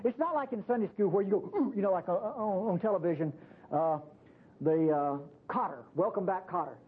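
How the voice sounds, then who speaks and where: A man preaching a sermon in a conversational, animated way, often saying "see" to the listeners. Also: high voice, brisk, slightly rough. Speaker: pastor. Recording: tinny phone-like radio broadcast.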